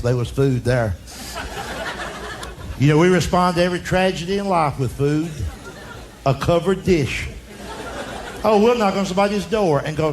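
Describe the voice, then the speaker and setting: On stage at a comedy club, a middle-aged man from the United States spins stand-up stories in a drawling, folksy manner. His voice sits a little high, at normal speed with frequent pauses. The live recording, made on a stage mic, carries crowd noise and laughter from the audience.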